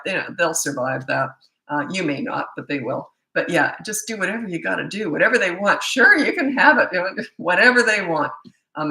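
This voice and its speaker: A woman's voice: sits low, pushed and bright, roomy sound, low-quality recording. Blunt, tired-voiced woman parenting coach. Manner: blunt, casual, loses track mid-thought. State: losing her voice. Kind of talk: live Q&A, answering viewer questions.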